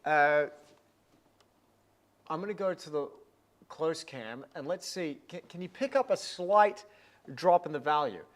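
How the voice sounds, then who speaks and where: A middle-aged man teaching painting on a livestream, talking in an energetic, rambling way with many restarts. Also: on the high side, a little slow, pauses often. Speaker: art teacher hosting a livestream. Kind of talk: casual livestream chat while painting.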